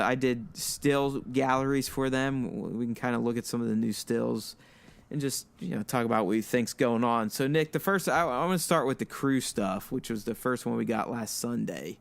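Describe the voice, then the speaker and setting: A man co-hosting a podcast, talking in a relaxed, rambling way and swearing freely. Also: medium pitch, moderate pace, gravelly. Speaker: podcast co-host. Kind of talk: casual chat.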